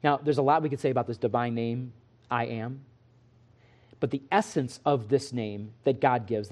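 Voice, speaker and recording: A man's voice: mid-range voice, animated, a little slow, dark tone. A man pastor giving an expository sermon, earnest and emphatic.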